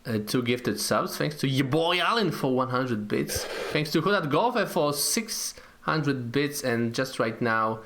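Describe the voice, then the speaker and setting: A man's voice: mid-range voice, lively intonation, unhurried, hardly any pauses, a bit bright, a little hiss or hum. Easygoing man reading donation thanks. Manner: easygoing, reads donations aloud. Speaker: co-host. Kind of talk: casual live-stream chat.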